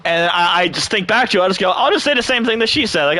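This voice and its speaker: A young man and gaming channel host telling a long personal story in a casual, animated way, swearing freely, laughing often and acting out the people he quotes. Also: high-pitched, brisk, no room sound.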